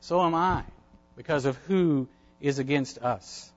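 A man's voice: on the high side, a little slow, highs cut off. A man preaching a sermon as a pastor, emphatic and repeating phrases for stress.

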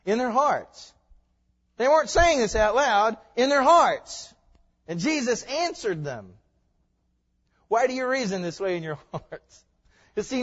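A man preaching a sermon as a pastor, swinging between loud emphatic lines and soft hushed ones. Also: sits high, big-room sound, muffled recording.

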